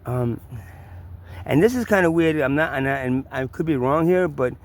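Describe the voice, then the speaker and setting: Telling a personal story in casual vlog style, a New York-accented man wanders, curses, and keeps restarting and repeating. His pitch is a little high, his pace moderate, and there is slight hiss or hum in the background.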